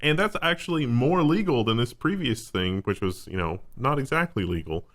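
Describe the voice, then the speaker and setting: A man's voice: mid-range voice, lively intonation, moderate pace, a bit bright. A man co-hosting a casual tech news show, explaining stories in a sardonic way.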